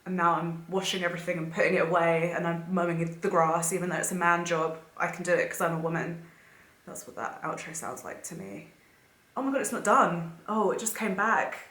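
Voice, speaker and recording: A woman's voice: on the low side, brisk, fairly bright tone, echoey room. A young woman, gushing emotionally and chatting casually as she reacts to music for her vlog. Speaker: vlogger.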